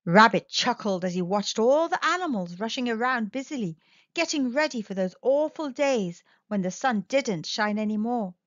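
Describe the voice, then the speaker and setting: Woman storytime host, high, animated sing-song read-aloud, dry close mic. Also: normal speed, no echo, lo-fi sound.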